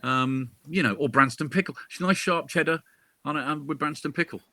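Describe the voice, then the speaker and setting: A man's voice: a little high, a little fast, a crowd in the background. A man, a crime author chatting casually as an interview guest, with jokey asides and frequent restarts. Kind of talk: casual chat.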